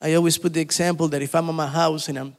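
A man's voice: a little high, level tone, racing, gravelly, in a large hall. A man preaching a sermon, repeating his points with emphasis and asking his listeners questions. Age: adult.

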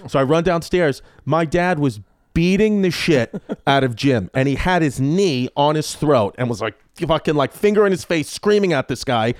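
Animated, profane man telling stories. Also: mid-range voice, brisk, no echo, clean studio sound. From New York. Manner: animated, profane, acts out quotes. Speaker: comedian guest. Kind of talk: casual storytelling.

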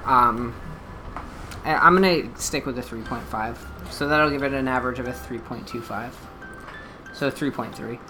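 A man's voice: medium pitch, moderate pace, music in the background. A man co-hosting a casual podcast, talking through a horror movie review with swearing and plenty of fillers. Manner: animated, swearing, many fillers. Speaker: podcast co-host.

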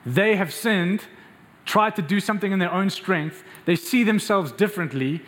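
A pastor preaches a sermon at normal speed, his voice a bit bright. He asks the congregation questions and acts out the lines he quotes, raising his pitch for those voices.

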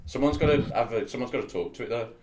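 A man's voice: medium pitch, expressive, very fast, reverberant, background noise. A man running an improvised tabletop role-play, playful and teasing. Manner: playful, teasing, laughs often. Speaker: game master.

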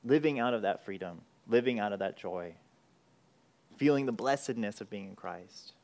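A man's voice: on the low side, lively intonation, moderate pace, darkish tone. A man preaching a sermon in an earnest, conversational way, asking rhetorical questions and often restarting his phrases. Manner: frequent restarts and repeated words. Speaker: pastor.

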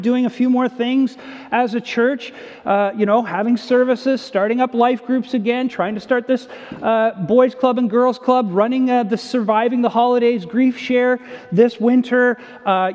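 A man preaching a sermon as pastor, earnest, moving between emphatic and hushed delivery. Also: very high voice. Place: church sanctuary. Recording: dull sound with long church reverb.

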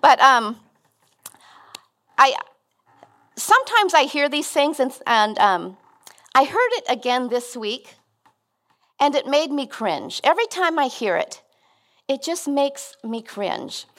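Middle-aged woman, guest preacher, a bit high-pitched, earnest and chatty. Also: big pitch swings, takes it slowly, long pauses, a bit bright. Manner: conversational, earnest, with frequent restarts. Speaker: guest speaker. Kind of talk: sermon.

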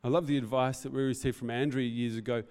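A man's voice: mid-range voice, fairly even intonation, fast, a little mellow, clean tone, big-room sound. A man preaching a Christmas sermon in an earnest, reflective way, often stepping off his notes. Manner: earnest, reflective, speaks off the cuff. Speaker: pastor.

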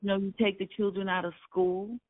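A man's voice: high voice, flat delivery, fairly quick, no room sound. Older man, from Brooklyn, interview recollection, earnest and emphatic, dry tinny phone-like sound. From Brooklyn, New York. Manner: earnest, emphatic storyteller who repeats key phrases. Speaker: oral history interviewee.

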